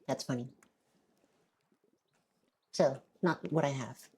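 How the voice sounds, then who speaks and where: A woman's voice: a bass voice, slow pace, mellow, husky. A woman streamer chatting casually through a game, talking while she eats. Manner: chatty, talks while eating. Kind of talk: casual let's-play chat.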